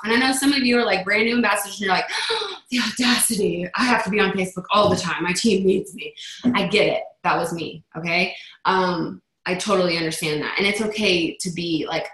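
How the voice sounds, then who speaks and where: A woman's voice: mid-range voice, fairly bright tone, reverberant, low-quality recording. A woman leading a motivational team call in a chatty manner, acting out the voices she quotes. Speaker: network marketing team leader.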